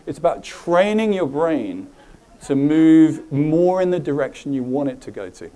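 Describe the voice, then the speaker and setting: Lively middle-aged man giving a talk. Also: on the high side, unhurried. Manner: animated, asks the audience questions. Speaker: presenter at a health talk. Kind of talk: live presentation to an audience.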